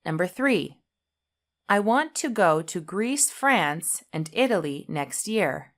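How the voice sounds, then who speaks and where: A woman teaching an English punctuation lesson, reading example sentences aloud in a deliberate way and saying each comma out loud. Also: on the low side, lively intonation.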